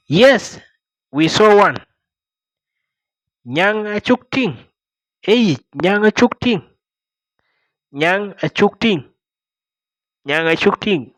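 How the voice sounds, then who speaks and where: A man's voice: fairly high pitch, a bit bright, no room sound. A man with a Dinka accent teaching a language lesson, repeating each phrase and explaining it word by word.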